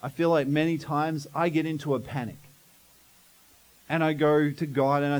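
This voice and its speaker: A man's voice: on the high side, level tone, normal speed, long pauses, poor audio. A man preaching a sermon as pastor, telling the story dramatically and asking the congregation questions.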